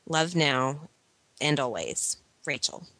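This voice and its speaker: A woman's voice: low voice, sing-song, slow pace, sharp tone, exaggerated voice, low-quality recording. A woman reading as a heartfelt young woman's farewell letter. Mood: sincere regret. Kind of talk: unrehearsed film letter reading.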